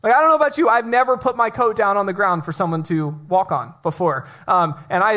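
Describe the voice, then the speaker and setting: A man's voice: sits high, sharp tone. A male pastor preaching a sermon in a conversational way, with playful asides and frequent restarts. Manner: often repeats the first word of a phrase.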